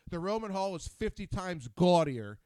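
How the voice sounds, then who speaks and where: A man's voice: high voice, dry recording. A man from New Jersey hosting a casual talk show, telling rambling stories with lots of energy. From New Jersey, USA. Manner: animated storyteller, quick and rambling. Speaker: host. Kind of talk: casual chat.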